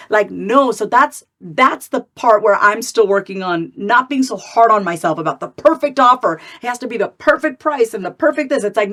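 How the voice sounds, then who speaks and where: A woman therapist and coach talking candidly as an interview guest, animated and chatty with frequent fillers. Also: fairly high pitch. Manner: animated, talkative, quick laughs, many "like" fillers.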